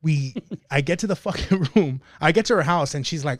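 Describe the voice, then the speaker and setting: A man's voice: fairly high pitch, fairly quick, no room sound, clean studio sound. Profane man telling a wild story. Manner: profane, laughing, animated storytelling. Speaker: podcast guest. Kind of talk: casual storytelling.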